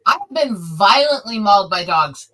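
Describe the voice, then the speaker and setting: A woman's voice: mid-range voice, expressive, moderate pace, a bit bright, rough recording. A woman in casual chat who talks bluntly and emphatically and swears freely.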